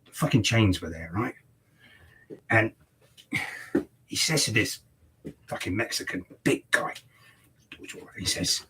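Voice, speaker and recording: A man's voice: lowish voice, lively intonation, slow pace, long pauses, pushed and bright, slight background noise, rough recording. A man who works as a barber, chatting casually with a customer in his shop and telling a long story full of swearing. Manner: swears freely, rambling storyteller. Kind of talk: casual chat, telling a story while cutting hair.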